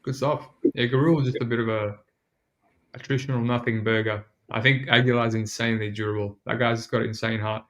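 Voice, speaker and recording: A man with a New Zealand accent hosts a casual podcast, talking loosely with plenty of slang. His voice sits at a middling pitch. It has an easygoing, chatty flow. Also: steady tone, fairly quick, fairly bright tone. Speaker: podcast host. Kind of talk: casual betting podcast chat.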